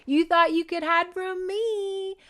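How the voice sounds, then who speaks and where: A woman voicing a deranged male ex-husband in a shrill, sing-song, taunting voice. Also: fairly even intonation, slow, fairly bright tone, full character voice. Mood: gloating.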